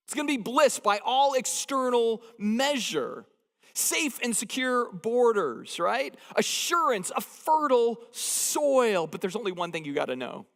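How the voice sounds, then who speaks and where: A man's voice: extremely high pitch, very animated, a little slow, fairly bright tone. A man preaching a sermon as pastor. He talks conversationally and jokes, and he stresses points by repeating phrases. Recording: long hall reverb.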